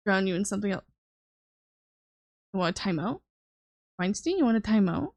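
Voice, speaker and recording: A woman's voice: mid-range voice, big pitch swings, moderate pace, pauses often, darkish tone, dry recording, clean studio sound. A young woman, chatting casually and teasingly with her viewers on a live stream while she draws, swearing freely. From Canada.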